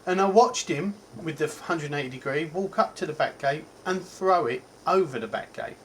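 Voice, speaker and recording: A man's voice: on the high side, moderate pace, slight background noise, poor audio. A man with a Cockney accent giving a casual, rambling product review, chatty and full of ums and self-corrections. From England. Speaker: tech reviewer.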